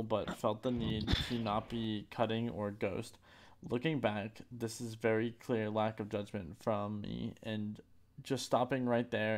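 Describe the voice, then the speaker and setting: Subdued low-voiced man reading an apology. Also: a little mellow. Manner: subdued, halting, remorseful reading. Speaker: streamer reading a public apology. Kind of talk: reading aloud a prepared statement.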